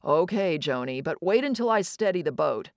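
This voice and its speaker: A woman's voice: lowish voice, expressive, moderate pace, dry recording, clean studio sound. A woman voicing a stubborn grown man who brushes off worries in a brusque way. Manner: brusque, dismissive. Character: adult man, husband, gruff and stubborn.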